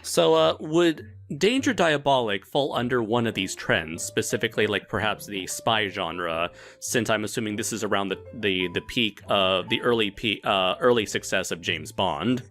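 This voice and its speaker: A man co-hosting a casual film podcast, asking questions in a hesitant, halting way. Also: fairly low pitch, a bit bright, faint music behind. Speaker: podcast co-host.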